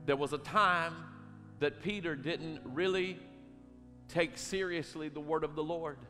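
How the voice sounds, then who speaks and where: High-voiced pastor man preaching, goes quiet then loud, big reverby church hall, soft music behind. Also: measured pace. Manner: swings from hushed storytelling to loud preaching. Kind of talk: sermon. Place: church sanctuary.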